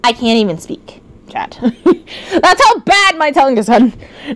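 A woman streamer chatting live over a game, excitable and shrieking, her voice often cracking. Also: high voice, measured pace, slight background noise. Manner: excitable, shrieking, swearing at chat. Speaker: virtual streamer. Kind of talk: live gaming stream chat.

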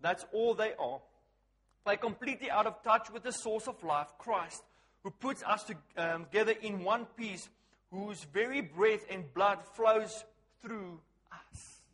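Male preacher, high voice, bright and forceful tone, animated sermon, asks the crowd questions. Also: a little slow, in a large hall.

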